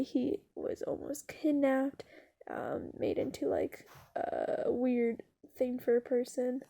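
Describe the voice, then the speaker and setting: A woman spins an improvised story in a loose, rambling way, peppered with fillers and curse words. Her voice sits high with a mellow, dark tone and a strong gravelly fry. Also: sing-song, slow pace. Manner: rambling, filler-heavy, swearing, giggly.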